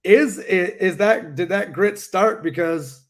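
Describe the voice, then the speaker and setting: A man with a fairly high voice hosts an interview. He cuts in playfully with follow-up questions. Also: slow. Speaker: interviewer, host.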